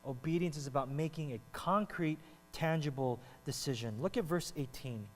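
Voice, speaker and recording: A man preaching a sermon as pastor, animated and conversational, often checking in with the congregation. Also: on the high side, moderate pace, soft background music. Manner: animated, talks to the congregation with frequent "right?". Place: church hall. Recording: reverberant hall with mains hum.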